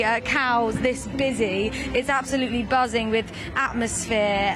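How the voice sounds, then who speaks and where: A woman reporting live from outdoors at a busy sailing regatta, upbeat, with frequent ums and uhs. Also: on the high side. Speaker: field reporter. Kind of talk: live news report from location.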